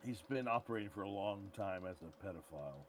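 A man's voice: on the low side, lively intonation, fast. A man co-hosting a podcast, talking in casual, blunt and irreverent banter. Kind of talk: casual chat.

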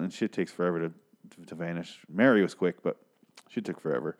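Excitable, profane young man, lowish voice. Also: a little fast. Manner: excitable, profane, loses his train of thought. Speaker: podcast host recapping an episode. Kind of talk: casual rambling recap.

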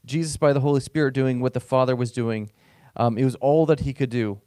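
A man's voice: mid-range voice, fairly even intonation, brisk, mellow, clear, resonant tone, no echo, clean studio sound. A man preaching a sermon as a pastor, in a conversational way, often repeating words as he restarts his phrases.

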